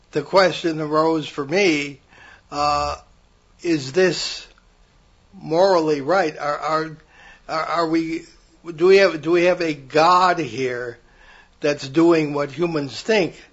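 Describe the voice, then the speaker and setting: A man hosts an interview, raising careful questions and hesitating with fillers between his thoughts. His voice is fairly high for a man. The recording is dull and muffled. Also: fairly bright tone. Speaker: host. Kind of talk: interview conversation.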